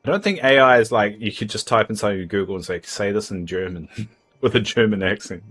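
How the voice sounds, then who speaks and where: Low-voiced rambling New man. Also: fast talker, a bit bright, slightly rough. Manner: rambling, chatty, stumbles and repeats words. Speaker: streamer. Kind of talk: casual livestream chat. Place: home, indoors.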